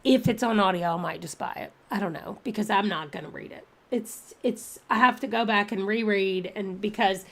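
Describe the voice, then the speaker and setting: A woman's voice: medium pitch, normal speed, gravelly, hardly any pauses. A woman hosting her reading channel, chatting casually and thinking aloud during a readathon livestream. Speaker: book channel host.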